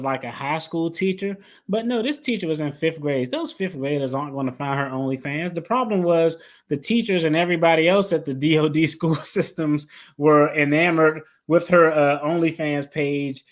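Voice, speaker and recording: A man's voice: on the high side, a bit bright. A man hosting a finance video, telling a story in a casual, playful way and acting out his own quotes. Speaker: attorney and finance video host.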